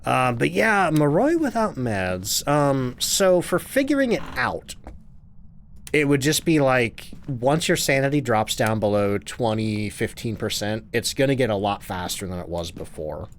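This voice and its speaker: Lively chatty male game streamer. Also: mid-range voice, measured pace, a little hiss or hum. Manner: chatty, reads chat aloud and answers questions. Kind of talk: casual live-stream gameplay chat.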